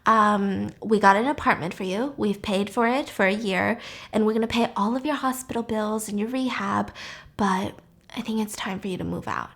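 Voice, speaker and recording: Woman doing a quiet older music teacher guy, calm and controlling, low and soft. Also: moderate pace, natural voice. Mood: cold.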